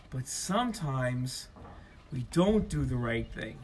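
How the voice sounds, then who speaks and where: A man with a high, bright speaking voice tells a children's story, stretching key words and slowing down to explain things simply. He sounds middle-aged, speaking outdoors with faint ambient noise behind him. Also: expressive. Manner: emphatic, slowed-down explaining for children. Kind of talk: telling a story to young kids. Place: outdoors at his home.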